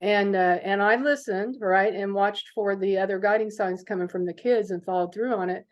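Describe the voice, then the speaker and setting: A middle-aged woman, a business owner, telling stories in a chatty, animated interview manner. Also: medium pitch, normal speed. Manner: animated storyteller, chatty with fillers. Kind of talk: conversational interview storytelling. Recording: dull lo-fi recording.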